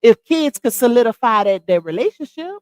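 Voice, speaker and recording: A middle-aged woman hosts a casual live stream, talking straight to her viewers. Her voice sits fairly high and her delivery is chatty and animated. The sound is dry and close, with no room echo. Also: brisk. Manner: chatty, animated, addresses viewers as y'all and child. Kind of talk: casual chat commentary.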